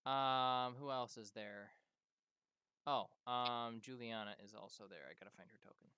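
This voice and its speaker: A game master running a tabletop game over voice chat, giving quick instructions and laughing often. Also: medium pitch, fairly even intonation, sharp tone, smooth, no room sound.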